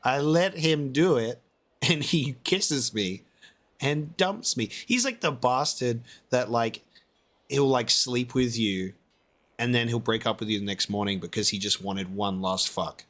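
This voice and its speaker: Lively man in a pitch-swinging game reaction. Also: unhurried. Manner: exasperated, rambling, swears. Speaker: let's-play gamer.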